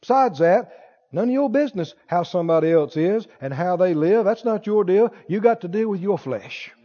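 A man's voice: high-pitched, lively intonation, normal speed, warm tone. A man preaching a sermon with emphasis, asking the crowd for replies. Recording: dull lo-fi sound in a reverberant hall.

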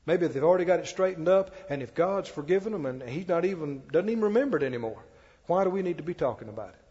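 A man's voice: fairly high pitch, animated, quick pace, mellow, slightly rough. A male pastor preaching a sermon in a folksy, conversational way, with chatty asides. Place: church sanctuary. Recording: dull-toned, echoey church hall.

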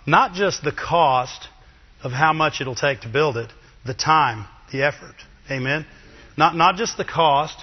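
A man preaching a sermon in a lively, chatty way, with asides to the congregation. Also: a little high, unhurried, husky. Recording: dull, long reverb of a hall.

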